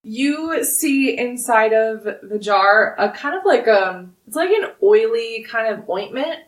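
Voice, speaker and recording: A woman narrating as game master of a tabletop game, describing scenes slowly and with relish. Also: fairly high pitch, lively intonation. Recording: roomy, distant mic.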